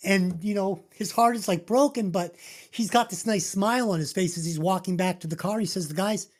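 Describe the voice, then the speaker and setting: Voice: mid-range voice, brisk. A podcast co-host reviewing a movie in casual chat, emotional and choked up at times, swearing freely.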